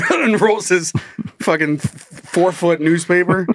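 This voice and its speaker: A man's voice: high voice, takes it slowly, background noise. A man co-hosting a podcast, telling a funny story with energy and acting out what each person says. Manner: animated storyteller, acts out other people's lines. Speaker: podcast co-host. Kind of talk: casual comedic storytelling.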